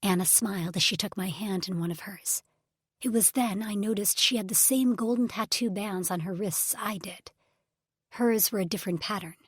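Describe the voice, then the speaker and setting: A woman's voice: mid-range voice, moderate pace, husky, no room sound, clean studio sound. A woman narrating a fantasy romance audiobook in first person, emotional, sometimes dropping to a whisper. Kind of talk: scripted narration.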